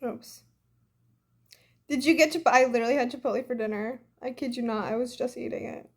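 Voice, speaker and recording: Young woman, high voice, congested, breezy livestream chat, phone mic. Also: brisk. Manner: chatty, breezy, lots of "like" and "literally". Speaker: livestream host reading fan comments.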